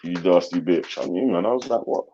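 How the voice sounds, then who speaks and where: Deep-voiced brash man. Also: a little fast, warm tone, breathy edge, muffled recording. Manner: brash slang-heavy banter, swears freely. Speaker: host. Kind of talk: casual live-stream chat with callers.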